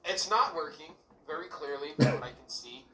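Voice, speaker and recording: A man's voice: fairly high pitch, animated, brisk, fairly bright tone, echoey room, recorded from a distance, slight background noise, poor audio. A man ranting bluntly and profanely at another creator in a casual vlog clip. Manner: blunt, profane, addressing the viewer directly. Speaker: small youtuber.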